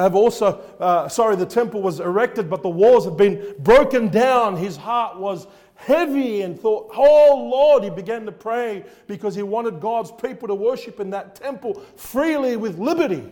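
A man's voice: high-pitched, a little mellow. A man preaching a fervent sermon, repeating words for emphasis and quizzing his listeners on scripture. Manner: fervent, repetitive, quizzes the congregation.

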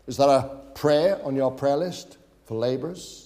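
Here a male preacher delivers a sermon at a moderate pace, his medium-pitched voice mellow as he recites scripture in King James language and urges his listeners on. The recording carries long hall reverb.

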